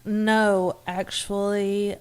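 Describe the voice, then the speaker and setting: A young woman in her twenties, raised in North Carolina, answers questions as a guest on a podcast. She speaks softly, at a middle pitch, in a relaxed conversational way. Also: extremely slow, smooth. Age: 20s. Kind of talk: casual interview.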